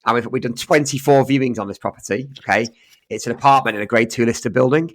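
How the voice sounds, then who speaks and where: A man at an ordinary mid pitch, chatting on a podcast about his work as an estate agent. He tells his stories in a lively way and acts out what each person said. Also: fast, no room sound. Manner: storytelling, acting out both sides of conversations. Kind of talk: casual podcast chat.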